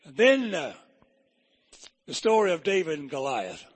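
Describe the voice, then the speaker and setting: A man's voice: a little high, huge pitch swings, a little slow, breathy edge. A man preaching a folksy, humorous sermon built around stories.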